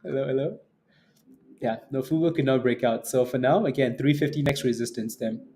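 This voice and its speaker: A man with a mid-range, mellow voice talks fairly quickly as he hosts a live day trading stream. He chats casually about charts, laughs often, and answers the chat with plenty of fillers and "right?".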